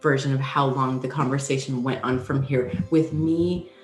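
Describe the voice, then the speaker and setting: A woman co-hosting a podcast, chatting casually and telling a story with animated, laughing energy. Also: extremely low pitch, normal speed. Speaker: podcast co-host. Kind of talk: casual chat. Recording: roomy echo with faint music.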